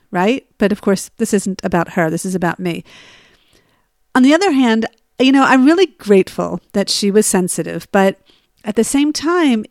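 A woman in her thirties or older tells a story from her own life and turns it into advice on getting unstuck. She talks in an animated way, acts out the back-and-forth, and laughs easily. Her voice sits a little high, and the recording is close and dry. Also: dry recording.

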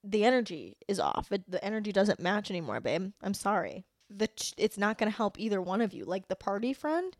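A woman's voice: mid-range voice, very animated, a little fast, few pauses, dry recording. Brief: young woman podcast host, casual solo rant, blunt and profane, dry close mic. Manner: blunt, profane, lots of "like" fillers.

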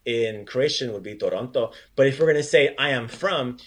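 A man hosting a casual podcast language lesson, encouraging his co-host and repeating phrases slowly. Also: mid-range voice, a bit bright.

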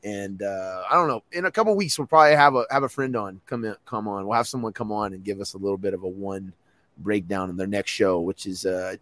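A man's voice: lowish voice, a little fast, fairly bright tone. A young man co-hosting a podcast, laid-back and rambling with a lot of "you know.". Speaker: podcast co-host. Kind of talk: casual chat.

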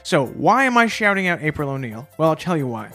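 Deadpan man in comic banter. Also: fairly high pitch, fairly quick, soft background music. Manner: deadpan mock-earnest tributes. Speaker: podcast co-host. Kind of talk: casual comedic chat.

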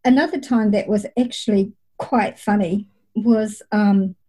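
A woman's voice: mid-range voice, fairly even intonation, a little slow, warm tone, rough recording. A middle-aged woman working as a psychic medium, telling her experiences at length in a reflective interview. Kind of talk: conversational interview storytelling.

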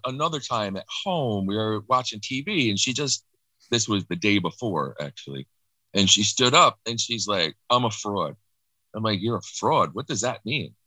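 A middle-aged man with a low, deep voice that still carries a bright, forward edge. He speaks haltingly and reflectively, often restarting his phrases. The recording is dry and close. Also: no echo, rough recording. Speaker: guest sharing personal loss. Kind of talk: emotional personal account.

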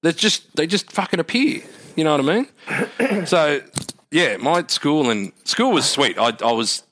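A man's voice: fairly high pitch, animated, measured pace, fairly bright tone, a little hiss or hum. A man with an Australian accent in his thirties, chatting casually as a guest, laid-back and swearing freely. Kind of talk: casual interview chat.

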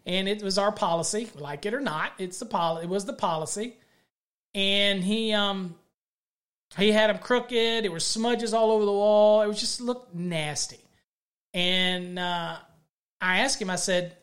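A man's voice: sits high, a little slow, a bit bright. A middle-aged man, an electrical contractor hosting a show, gives a plainspoken leadership talk built on stories from his own job sites. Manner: plainspoken, tells workplace stories from experience.

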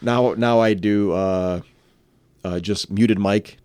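A man in his forties telling stories in casual chat, often mimicking kids in squeaky voices. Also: takes it slowly, smooth, dry recording. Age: 40s. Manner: animated storyteller who mimics kids in high squeaky voices.

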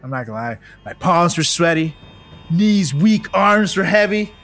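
A young man spins a comic personal tale, his voice bright and a little high. He swoops up and down with lots of energy, swearing casually and laughing between lines. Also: expressive, moderate pace, soft background music. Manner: profane, laughing, playful. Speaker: comedy podcast host. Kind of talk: comedic storytelling.

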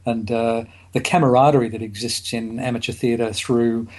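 A man's voice: mid-range voice, fairly even intonation, moderate pace, a little mellow. A middle-aged man, a psychologist and author, talking as a podcast guest, hesitant with many fillers and restarts. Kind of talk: podcast interview.

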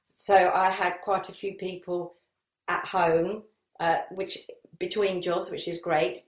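A woman's voice: lowish voice, flat delivery, slow. Interview guest, woman from the south of england, meandering anecdotes, echoey room. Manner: rambling, many ums and asides. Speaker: actress guest.

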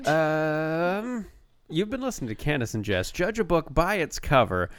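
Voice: medium pitch, big pitch swings, a little slow, a crowd in the background. A podcast co-host chatting casually from a basement, laid-back with dry humor. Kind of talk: casual chat.

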